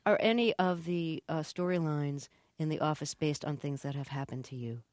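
Lowish-voiced woman interviewer. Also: normal speed, a little mellow, no room sound, clean studio sound. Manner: curious, laughs easily. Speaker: interviewer, host. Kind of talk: radio-style interview.

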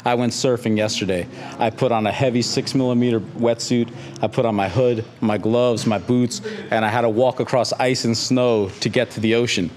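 A middle-aged surf instructor telling an anecdote in a matter-of-fact way, listing details one by one. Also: male voice, medium pitch, fairly even intonation, normal speed, darkish tone. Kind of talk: interview anecdote.

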